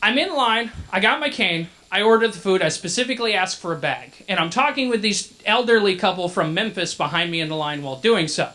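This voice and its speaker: Brief: male emcee, bright voice, chatty joking banter on a handheld mic. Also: sits high, lively intonation, a little fast, few pauses. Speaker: masquerade emcee. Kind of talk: live emcee storytelling. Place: convention event hall. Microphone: handheld microphone.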